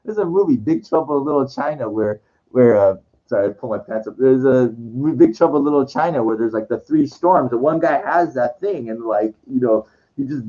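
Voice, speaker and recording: A man with a mid-range, dark-toned voice rambles through a casual monologue, animated and a little fast. He swears, stammers, and keeps restarting his sentences. The lo-fi recording sounds dull.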